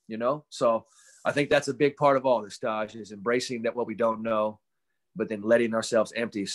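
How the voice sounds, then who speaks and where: A man who coaches mental performance, a guest on a casual podcast interview over a video call. He tells stories with animated energy, swears casually and acts out the voices of people he quotes. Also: mid-range voice, fairly quick.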